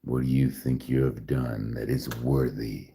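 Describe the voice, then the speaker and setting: A man putting on a solemn narrator voice that speaks of divine judgment in a slow, grave, deliberate way. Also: a bass voice, fairly even intonation, gravelly, dark tone, a little hiss or hum, full character voice. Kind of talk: mock dramatic narration.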